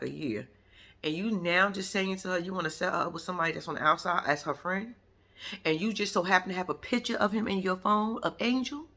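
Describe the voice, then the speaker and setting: A woman's voice: lowish voice, slightly rough. Blunt, profane woman vlogger ranting. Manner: blunt and profane, full of rhetorical questions; animated, addresses the audience directly. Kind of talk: reality show reaction commentary.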